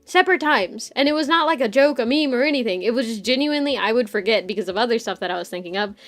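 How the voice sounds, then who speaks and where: Chatty high-voiced woman streamer. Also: expressive, fast, faint music behind. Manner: chatty, giggly, swears freely, jumps between topics. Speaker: streamer host. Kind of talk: casual live-stream chat.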